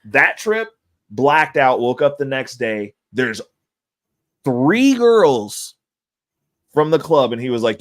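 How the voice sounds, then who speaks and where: A man's voice: mid-range voice, slow, pauses often, no echo. A man telling crude, rambling stories on a livestream, laughing often. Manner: profane, laughing, animated storyteller. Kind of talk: casual storytelling chat.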